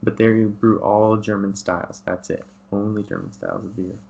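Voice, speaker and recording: A man's voice: on the low side, steady tone, normal speed, vocal fry, darkish tone, lo-fi sound. A man from Texas co-hosting a casual beer podcast, chatty and self-deprecating, with lots of ums. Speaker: podcast co-host. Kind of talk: casual chat.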